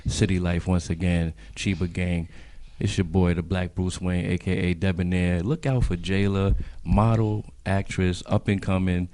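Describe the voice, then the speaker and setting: A man hosting a radio show, chatting casually and giving shout-outs to his guests and listeners. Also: sits low, steady tone, normal speed. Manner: laid-back, hypes up guests with shout-outs. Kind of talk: casual interview chat and sign-off.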